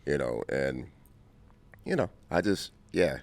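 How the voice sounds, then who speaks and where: A man in his fifties from Compton, telling stories as an interview guest, animated and quick to laugh. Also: extremely low pitch, vocal fry. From Compton, California. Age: 50s. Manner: animated, laughing storyteller who acts out scenes. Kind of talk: casual interview storytelling.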